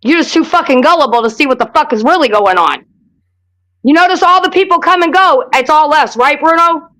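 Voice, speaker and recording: A woman's voice: high-pitched, animated, fairly quick, fairly bright tone. A woman on a live panel, ranting aggressively with constant swearing and insults. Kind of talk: angry live-stream rant.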